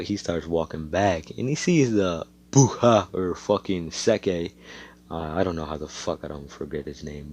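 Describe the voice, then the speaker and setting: A young man with a very deep, low voice spins a fan story off the cuff. He rambles, swears freely and breaks off into laid-back asides. The delivery is casual and unscripted. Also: a little mellow, a little hiss or hum.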